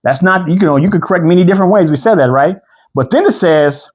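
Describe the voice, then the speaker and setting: A man co-hosting a casual couch chat, animated and preachy, slowing down to read scripture aloud. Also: sits high, husky. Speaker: co-host.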